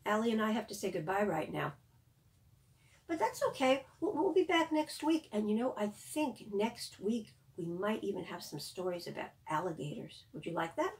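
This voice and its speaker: A woman librarian reading a picture book aloud for small children, in an expressive, sing-song way. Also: mid-range voice, normal speed, low-quality recording.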